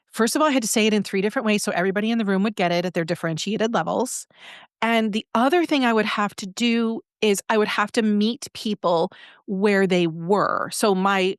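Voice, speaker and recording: A middle-aged woman who coaches on brand voice, talking in a lively, conversational way as a podcast guest. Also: medium pitch, dry recording, clean studio sound. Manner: animated, acts out examples in shifting voices.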